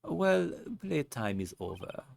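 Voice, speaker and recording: A cool, smug prosecutor drawls in a put-on French accent, as a man plays him. He teases with relaxed confidence, a game character who never seems rushed. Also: mid-range voice, creaky, a little hiss or hum, pitched above the performer's own voice, exaggerated voice.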